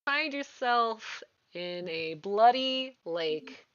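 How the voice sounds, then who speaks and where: A woman's voice: a little high, animated, drawn-out words, a bit bright, smooth, highs cut off. A woman game master narrating a tabletop game in a hesitant, casual way with frequent ums. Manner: hesitant, many ums, giggly asides.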